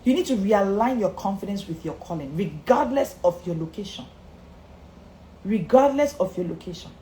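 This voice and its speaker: A woman coach speaks straight to her live viewers in an emphatic motivational talk, with pitch that rises and falls a lot. She repeats key lines for emphasis and greets viewers by name. The room sounds echoey, with a faint hum behind her. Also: expressive, normal speed, dark tone. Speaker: confidence coach.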